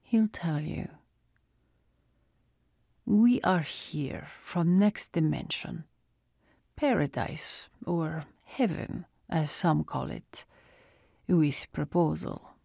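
A man's voice: fairly high pitch, drawn-out words, gravelly, pauses often, a little mellow, no echo, clean studio sound, exaggerated voice. A woman doing a Russian father's spirit. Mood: persuasive. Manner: clipped phrases dropping small words. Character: father's spirit from paradise, earnest Russian man. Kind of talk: storybook narration.

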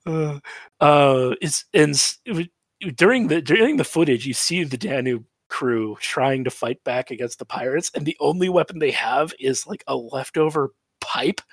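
A man's voice: a little high, moderate pace, no room sound. A man co-hosting a casual chat, recapping a cartoon episode in a joking, storytelling way. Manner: joking, animated storytelling with quoted voices. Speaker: podcast co-host recapping a cartoon.

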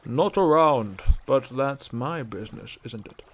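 A man voicing an older male Nord ex-legionnaire who boasts and teases, gruff and matter-of-fact. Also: medium pitch, expressive, measured pace, a little hiss or hum, lightly acted.

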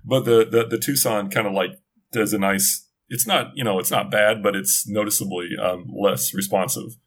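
A man's voice: fairly low pitch, fairly even intonation, moderate pace. A middle-aged man chatting casually on a podcast, telling a long story with many restarts and asides. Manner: rambling, self-interrupting storyteller. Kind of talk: casual chat.

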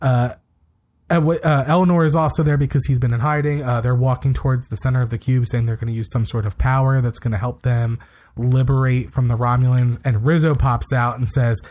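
In an easygoing podcast discussion, a man recaps things briskly while offering blunt views and quick tangents. He's a co-host whose voice falls mid-range for a man, and his delivery remains casual and conversational throughout.

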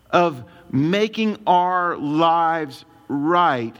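A male pastor with a high voice delivers a sermon at an unhurried pace, leaning hard on words and dropping to low tones for weight. His voice rings through a large hall with a long reverb. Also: fairly bright tone. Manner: emphatic, dramatic swings of pitch and pace. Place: church sanctuary with congregation.

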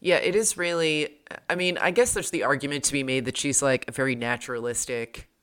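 Very low-voiced woman on a podcast, deadpan and blunt about a tv show. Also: brisk. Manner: dry, blunt, sardonic. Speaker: podcast co-host. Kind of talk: casual chat recapping a TV episode.

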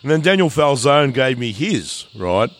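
A man's voice: medium pitch, big pitch swings, a little slow. An Australian man co-hosting a live podcast, telling stories with lots of swearing and laughter. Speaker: podcast co-host.

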